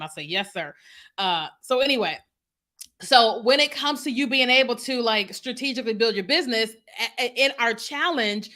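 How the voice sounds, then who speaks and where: Bright, chatty woman business coach. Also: a little high. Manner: chatty, repeats "you know what I mean?". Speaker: business coach hosting a livestream. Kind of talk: casual livestream chat with viewers. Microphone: computer mic on a streaming setup.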